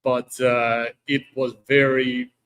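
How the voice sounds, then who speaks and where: A man's voice: medium pitch, level tone, takes it slowly, a bit bright, smooth. Man chatting casually from home. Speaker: guest panelist. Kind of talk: casual tech chat. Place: at home with landscaping work outside.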